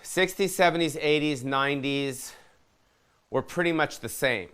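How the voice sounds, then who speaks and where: Brief: podcast host, man in his 50s, smooth and a touch high-pitched, swears freely, rambling comic rant. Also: unhurried, fairly bright tone. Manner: profane, loose and jokey, asks his producer for answers.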